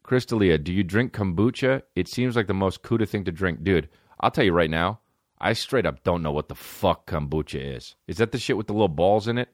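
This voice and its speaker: Profane, rambling young comedian host, dry sound. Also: male voice, deep voice, a little fast, no echo. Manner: profane, rambling, animated storytelling with voiced quotes. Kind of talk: casual podcast storytelling.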